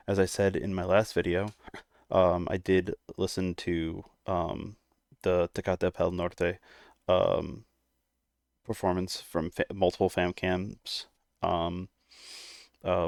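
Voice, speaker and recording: A man with a low, gravelly voice hosts a music reaction, chatting casually and hesitantly with plenty of fillers. He sounds slightly out of breath, and his delivery stays fairly flat. The recording is dry and close. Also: dry recording. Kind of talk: casual chat.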